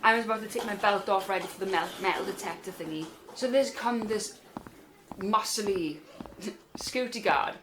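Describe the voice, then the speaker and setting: A young woman, telling a personal story in a casual, animated way and acting out other people's lines. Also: mid-range voice, moderate pace, noisy background. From Wales. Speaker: storyteller vlogger.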